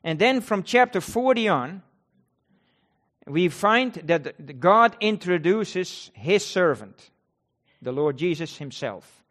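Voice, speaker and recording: A man's voice: high-pitched, sing-song, slow, fairly bright tone. A man preaching a sermon, repeating key words and reading scripture with rising emphasis.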